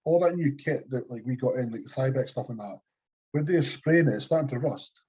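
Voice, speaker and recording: A Scottish man in casual podcast chat, blunt and sweary, with a mellow, husky voice at middle pitch. The recording sounds dull and lo-fi. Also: animated, a little fast. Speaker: podcast co-host.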